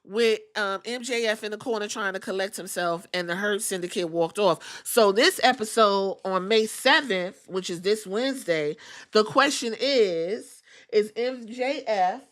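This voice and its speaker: Bright, animated woman recapping wrestling. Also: medium pitch, measured pace. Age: middle-aged. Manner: animated storytelling, acting out quotes, swearing freely. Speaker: podcast host. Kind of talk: casual recap of wrestling episodes.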